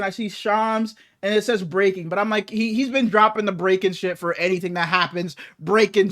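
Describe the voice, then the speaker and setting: A man co-hosting a sports podcast, telling an excitable story full of swearing and quick restarts. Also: sits high. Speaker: podcast co-host. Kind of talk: casual sports podcast chat.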